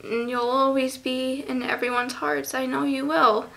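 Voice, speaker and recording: A teenage girl vlogging a tribute to a lost friend, halting and close to tears, with many fillers. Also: high-pitched, flat delivery, gravelly. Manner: halting, soft, full of fillers. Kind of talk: tearful memorial vlog.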